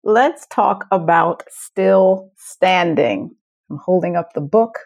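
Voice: medium pitch, takes it slowly, a little mellow, highs cut off. An interview host asking questions and giving brief affirmations. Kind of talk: interview chat.

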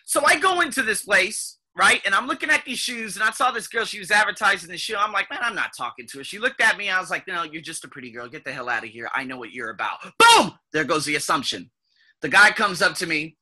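A man hosting an English-learning podcast, telling stories in a rambling, profane and animated way. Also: sits high. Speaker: ESL podcast host. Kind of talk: casual storytelling monologue.

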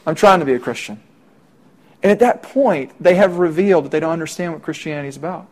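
A young man preaches to a room of students, leaning on rhetorical questions and plain talk. His voice sits a little high for a man. The tone stays conversational rather than formal. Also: a little mellow. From Middle Tennessee. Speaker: campus minister. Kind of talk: sermon.

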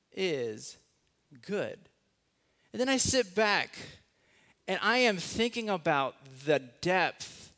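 A young man from Los Angeles preaching a conversational sermon, slowing to a hushed voice on key phrases and joking at his own expense. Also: on the high side. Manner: conversational and self-deprecating. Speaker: guest preacher.

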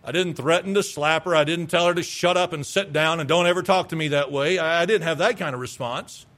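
High-voiced emphatic male preacher. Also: a little fast, a bit bright. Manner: emphatic, acts out quoted replies. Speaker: pastor. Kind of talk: sermon.

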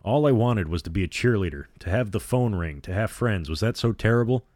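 A man's voice: lowish voice, lively intonation, fairly quick, darkish tone, no echo, clean studio sound, natural voice. A man voicing a guilt-torn teenage girl who broods in an anguished inner monologue. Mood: brooding.

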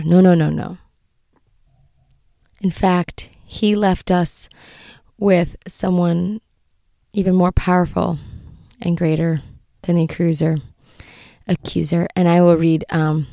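A young adult woman, a mother, sharing an earnest faith reflection and reading scripture aloud, often halting and repeating words as she searches for phrasing. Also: lowish voice, gravelly, warm tone, dry recording, studio quality.

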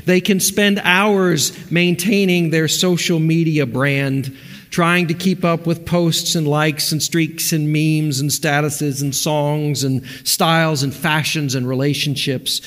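Male pastor, fairly high voice, expressive sermon delivery, reverberant sanctuary. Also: slow. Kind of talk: sermon with scripture reading. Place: church sanctuary.

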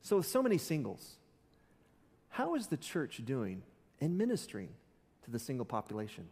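Pastor preaching in a reverberant church. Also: male voice, mid-range voice, wildly swooping pitch, moderate pace, a little mellow, husky. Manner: conversational, with joking asides. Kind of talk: sermon. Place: church sanctuary. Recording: long reverb in a church hall.

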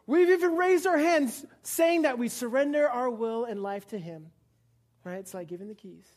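Young woman preacher, kinda high voice, super casual and jokey, laughs a lot, acts stuff out for the church crowd. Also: normal speed, darkish tone. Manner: chatty and playful, laughs often, fillers, acts out scenes. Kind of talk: casual youth sermon. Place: church service before a live congregation.

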